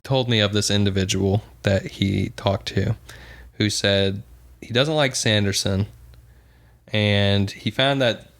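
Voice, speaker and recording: A young man co-hosts a relaxed book-discussion podcast. He talks casually and with energy, often jumping into short bits of character dialogue with a laugh. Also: lowish voice, slow. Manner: animated, acts out character lines with laughter. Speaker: podcast co-host.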